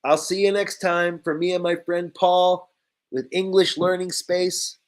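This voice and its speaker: A man teaching English vocabulary in a slightly high voice. He talks slowly and plainly, repeating each new word so learners can catch it. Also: little pitch movement. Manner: speaks slowly and simply, repeats key words. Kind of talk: slow, clear ESL vocabulary lesson.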